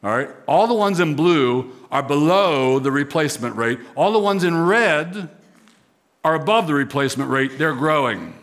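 A man's voice: on the high side, expressive, normal speed, a bit bright. A man preaching a sermon as pastor, emphatic, with rising, swelling repetition.

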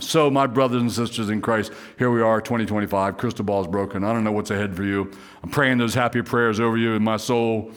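A man preaching a sermon in church, talking conversationally with humorous asides and lifting his voice high and loud when he reads scripture or acts out imagined speakers. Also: steady tone, brisk, smooth. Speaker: pastor.

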